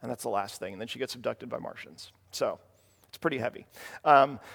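Halting male preacher in a reverberant hall. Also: mid-range voice, gravelly, a bit bright. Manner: halting, restarts and fillers, conversational storytelling. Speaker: pastor. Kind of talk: sermon with personal stories.

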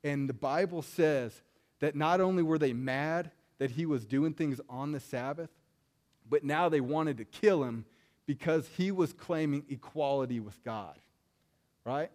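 A man's voice: fairly high pitch, unhurried, a little mellow. A man giving a conversational sermon, retelling stories in a casual way and often checking in with "right?". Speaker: preacher.

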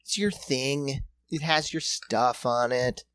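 A man's voice: mid-range voice, takes it slowly, fairly bright tone. A man co-hosting a comedy podcast, riffing crudely and swearing often. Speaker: podcast co-host. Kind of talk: casual comedic chat.

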